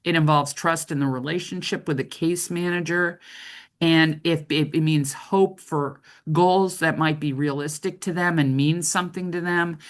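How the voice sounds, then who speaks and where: Low-voiced woman giving a training lecture. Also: fairly even intonation, normal speed. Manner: conversational, frequent "right?" check-ins.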